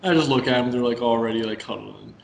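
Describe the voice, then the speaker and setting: A man's voice: mid-range voice, fast, vocal fry, a little hiss or hum. A young man co-hosting a podcast, telling a long rambling story full of swearing and "like". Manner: rambling, profane, fillers like "like". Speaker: podcast co-host. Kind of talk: casual podcast chat, storytelling. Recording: echoey room, faint background ambience.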